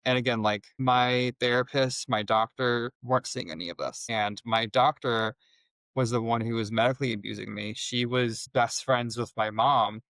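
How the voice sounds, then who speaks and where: A young man speaking as an interview guest, telling a personal story in a halting way with many filler words. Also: mid-range voice, flat delivery, gravelly, a bit bright, no echo, low-quality recording. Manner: halting, heavy use of "like" fillers.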